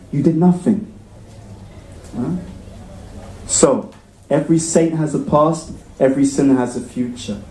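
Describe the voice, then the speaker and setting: A man's voice: medium pitch, dark tone, slight background noise. Chatty man preaching in an echoey temple hall. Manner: engaging, asks the audience frequent questions. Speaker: temple class speaker. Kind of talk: conversational sermon.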